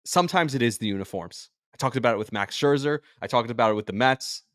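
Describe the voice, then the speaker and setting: A man's voice: mid-range voice, fast, no room sound, studio quality. A man hosting a sports podcast, talking in an emotional, rambling way that jumps between thoughts and sounds drained. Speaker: podcast host and sports radio personality.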